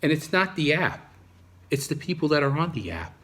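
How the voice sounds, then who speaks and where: With a slightly high, sing-song, somewhat bright voice, a New Jersey-accented vlogger speaks at a moderate pace. His casual monologue rambles, full of restarts and repetition.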